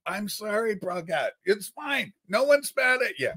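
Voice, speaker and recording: A man's voice: high voice, sing-song, measured pace, few pauses, bright, forceful tone, slightly rough. A man hosting a casual livestream, rambling and reading viewer comments aloud with playful, theatrical outbursts. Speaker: livestream host.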